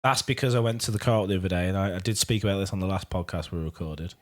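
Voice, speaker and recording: A man co-hosting a casual podcast, a little hoarse as he loses his voice, laid-back and self-mocking with quick laughs. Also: low voice. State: slightly hoarse, losing his voice. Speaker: podcast co-host. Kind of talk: casual chat.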